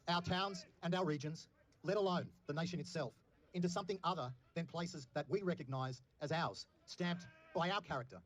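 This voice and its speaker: A man delivering a public speech in a slow, emphatic, declamatory way. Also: on the high side. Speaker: rally speaker.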